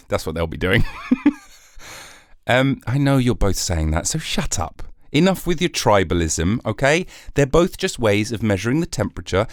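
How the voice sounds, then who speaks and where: A man hosting a rambling solo comedy podcast, jokey and animated, slipping into silly voices. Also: on the low side, no room sound, studio quality. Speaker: podcast host.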